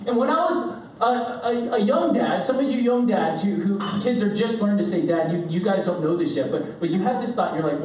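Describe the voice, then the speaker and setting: Animated preacher man in a roomy hall. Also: sits high, a little fast. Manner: animated storytelling, acting out his kids' shouts. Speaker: pastor. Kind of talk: sermon. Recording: roomy, distant, dull sound with faint room noise.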